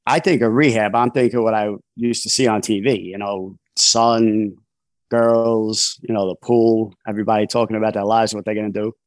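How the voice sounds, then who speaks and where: Low-voiced New man telling his story. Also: fairly even intonation, normal speed, dry recording. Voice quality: conversational, frequent "you know" fillers and restarts. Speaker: podcast guest, author in long-term recovery. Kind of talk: candid storytelling in a casual interview.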